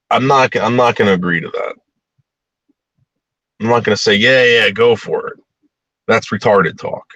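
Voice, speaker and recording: Blunt, heated man with a bright voice. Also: medium pitch, dry recording, highs cut off. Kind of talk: ranting opinion monologue.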